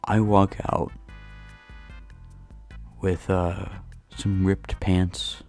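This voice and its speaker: A man's voice: low voice, flat delivery, extremely slow, darkish tone, faint music behind. A man recording a storytime voice-over for his gaming channel, rambling and poking fun at himself. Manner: rambling, self-deprecating storytelling. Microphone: voice-over recorded late at night.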